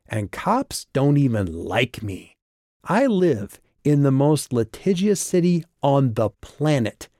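A man's voice: a little high, darkish tone, no room sound, studio quality, voice pushed up. Man voicing Calliope, a defiant young woman. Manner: biting, sarcastic threats. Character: sharp-tongued young woman, defiant bounty hunter.

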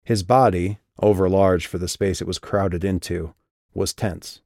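Male audiobook narrator, deep, low voice, dry close booth sound. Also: steady tone, measured pace, darkish tone, no echo.

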